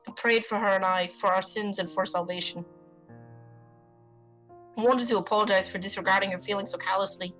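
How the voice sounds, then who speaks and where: A woman streamer with a bright, forceful voice reads a story game aloud and reacts between lines, swearing freely. Faint music plays underneath. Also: medium pitch, rough recording. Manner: expressive, swearing, quick reactions.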